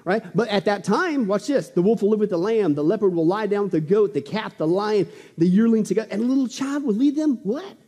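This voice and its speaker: Really high-pitched guy preaching, all fired up and joking around, big echoey hall. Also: brisk, hardly any pauses. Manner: excitable, jokey, rhetorical questions. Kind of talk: sermon on prophecy. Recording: long hall reverb.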